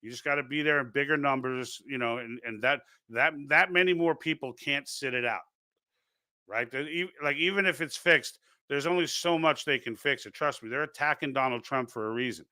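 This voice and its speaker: Rambling New York man, bright clear voice. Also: medium pitch, moderate pace, no room sound. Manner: rambling, many restarts and repeated words. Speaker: livestream host reading chat comments. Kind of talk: casual political livestream chat.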